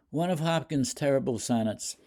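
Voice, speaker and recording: A male lecturer explains poetry slowly and deliberately. His voice is mellow and dark. He pauses on fillers and restarts his sentences. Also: mid-range voice, creaky, husky. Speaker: literature lecturer.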